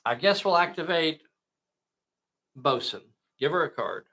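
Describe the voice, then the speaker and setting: Male tabletop game host, raised pitch, gravelly edge, dramatic play-by-play for young-at-heart viewers. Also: lively intonation, measured pace, pushed and bright. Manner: addresses viewers as boys and girls, dramatic asides. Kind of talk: enthusiastic play-by-play narration.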